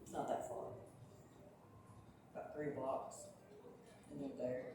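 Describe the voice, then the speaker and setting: Woman gamer, sleepy and halting, distant mic in an echoey room with steady noise. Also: extremely low pitch. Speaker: gamer playing a horse racing game. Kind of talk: casual gameplay commentary. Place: home.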